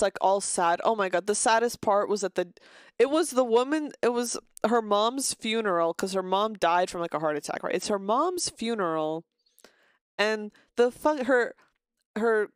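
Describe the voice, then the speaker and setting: A woman's voice: mid-range voice, clean tone, dry recording. A woman streamer talks to her chat from her home setup, her voice sitting mid-range and close, with no room sound around it. She rambles through loose stories, swears without a second thought, and breaks off mid-sentence to welcome viewers. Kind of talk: casual live-stream chat while gaming.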